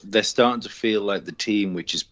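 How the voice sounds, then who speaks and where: A man with a very deep voice muses in a relaxed podcast chat. His sound is dull and lo-fi. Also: normal speed, slight background noise. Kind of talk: casual chat.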